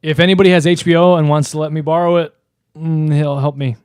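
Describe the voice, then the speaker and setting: Young man teasing, slightly high voice. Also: fairly even intonation, fast talker, a little mellow, clear, resonant tone, no room sound, studio quality. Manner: playful, needling questions. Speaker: podcast co-host. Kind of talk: casual chat.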